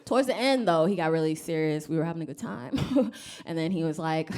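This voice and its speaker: A woman's voice: on the low side, expressive, brisk, darkish tone. A woman from Rwanda doing a stand-up comedy set on stage, wry and self-deprecating, acting out other people's voices. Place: comedy club stage with live audience.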